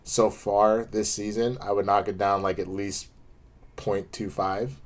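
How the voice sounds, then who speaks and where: A man co-hosting a casual episode review, talking in long, animated, reflective runs. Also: on the low side, a little slow. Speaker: co-host, show reviewer.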